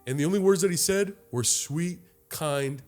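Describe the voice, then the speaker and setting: A man's voice: a little high, moderate pace, soft background music. A man in his late twenties co-hosting a podcast, telling a story in casual chat, swearing freely and acting out other people's voices. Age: late 20s. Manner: animated, profane, acts out voices in stories. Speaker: podcast co-host.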